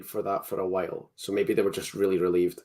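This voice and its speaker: A man's voice: low-pitched, flat delivery, quick pace, a little mellow. A Scottish man co-hosting a podcast in casual chat, teasing and laughing often. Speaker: podcast co-host.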